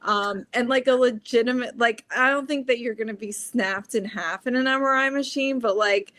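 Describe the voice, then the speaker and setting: A woman's voice: fairly high pitch, normal speed, a bit bright. A woman co-hosting a casual film podcast, talking in a chatty way with frequent fillers. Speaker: podcast co-host.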